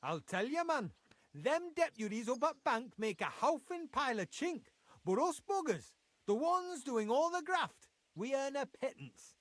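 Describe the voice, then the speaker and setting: A man's voice: extremely high pitch, very animated, a little slow, dry recording, heavily acted. An actor with a Geordie accent playing a blunt, impatient male mine foreman in a video game. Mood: grudging. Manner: blunt, dialect-heavy, grumbling.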